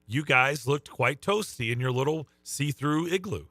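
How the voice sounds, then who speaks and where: Middle-aged male coach and co-host, slightly hoarse, teasing, mid-pitched, dry close mic. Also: expressive, normal speed, a bit bright, dry recording, faint music behind. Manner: teasing, upbeat banter. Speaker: youth baseball coach and radio co-host. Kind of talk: casual radio chat.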